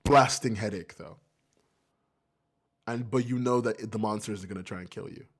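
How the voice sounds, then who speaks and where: A man's voice: lowish voice, normal speed, slightly rough. A man as game master narrating a tabletop game, amused and swearing casually.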